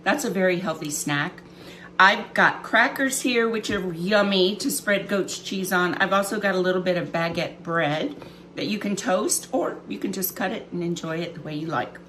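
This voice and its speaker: A woman's voice: fairly low pitch, normal speed, a bit bright, slight background noise. A woman hosting a children's cooking show from her kitchen, chatting homily to the kids with plenty of ums as she demonstrates. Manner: chatty, homey, talks straight to kids with many ums. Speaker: library cooking show host. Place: home kitchen.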